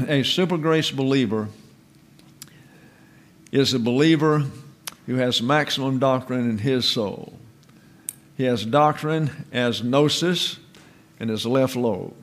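A man's voice: medium pitch, slow, pauses often. A man teaching a Bible doctrine lesson, carefully explaining how Greek words are pronounced and repeating terms with precision. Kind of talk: slow teaching sermon with Greek word study.

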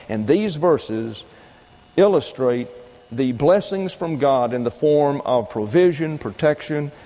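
A man's voice: on the high side, warm tone, big-room sound, rough recording. A man preaching a sermon, teaching point by point and reading out scripture verses. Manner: deliberate teaching with numbered points and read-out verses. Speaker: pastor.

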